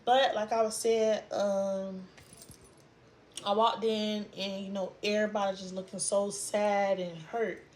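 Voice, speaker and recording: A young woman recounts a painful memory for her vlog. She speaks haltingly, trails off, and fights back tears, at an ordinary pitch, with faint background noise under her voice. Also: flat delivery, a little mellow. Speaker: vlogger. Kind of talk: emotional personal storytelling.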